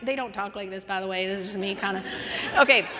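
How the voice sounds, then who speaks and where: An American woman giving a conference teaching in a church, telling Bible stories with lively acted-out voices and laughter. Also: mid-range voice, fast, in a large hall, some chatter behind. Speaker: conference speaker. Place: church auditorium.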